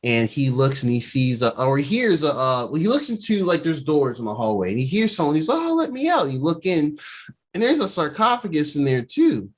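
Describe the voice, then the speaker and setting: A man's voice: a little high, very animated, a little fast. A man co-hosting a podcast, casually recapping a TV episode and acting out the characters' lines as he goes. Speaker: podcast co-host.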